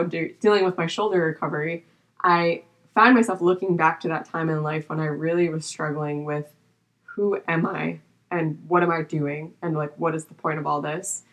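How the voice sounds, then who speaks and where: Speaking in a low register, this young woman opens up on a podcast as a guest, recounting something personal. Her manner is sincere and unguarded, with "like" showing up again and again as she gathers her thoughts.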